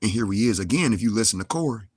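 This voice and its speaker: Young guy going off on a rant, husky low voice, real dry sound. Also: lively intonation, very fast, a little mellow, no echo. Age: young adult. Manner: ranting, heavy cursing, rhetorical questions. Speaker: vlogger. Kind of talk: angry monologue to camera.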